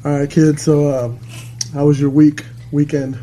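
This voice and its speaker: A man's voice: fairly high pitch, level tone, normal speed, dark tone, slight background noise. A man hosting a casual podcast, joking and swearing freely with his co-host.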